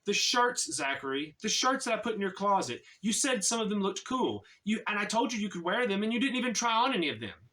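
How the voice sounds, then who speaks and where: Whiny clingy old roommate as a man puts him on, raised pitch, bright tone, distant mic. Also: fast talker, hardly any pauses. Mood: hurt. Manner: pleading, anxious and whiny.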